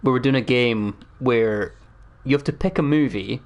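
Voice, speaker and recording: A man's voice: medium pitch, moderate pace. A man co-hosting a gameplay video in casual chat, easygoing and teasing, with frequent laughter. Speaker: gaming channel co-host.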